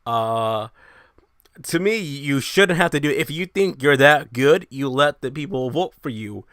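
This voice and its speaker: A young man hosting his own show, ranting in a brash, profane, animated way. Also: medium pitch, measured pace, no echo, studio quality. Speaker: show host. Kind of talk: casual ranting monologue.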